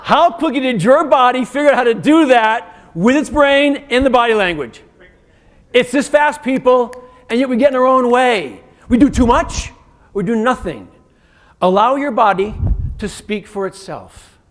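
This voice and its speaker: A man giving an interactive keynote as a communication coach, energetic and firing quick commands at the audience. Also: very high voice. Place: conference stage in a large hotel venue.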